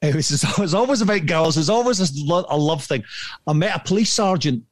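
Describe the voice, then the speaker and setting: Man spinning a lively anecdote. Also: fairly high pitch, a little fast, dry recording. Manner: animated storyteller, swears freely, laughs at himself. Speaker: podcast guest. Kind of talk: casual anecdote telling.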